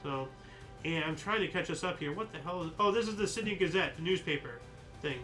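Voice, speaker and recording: Reading out dates on his daily history stream, a male host punches out each year before the entry and wanders into joking, mildly profane asides. He talks fairly quickly in a fairly high, sharp voice with lively intonation. Faint music plays behind a rough recording.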